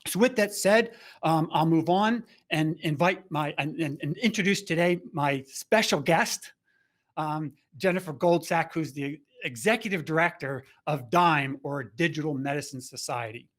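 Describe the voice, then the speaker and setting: A man hosting a webinar over a video call, talking in a rambling, halting way with many restarts. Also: on the high side, fairly bright tone. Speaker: host.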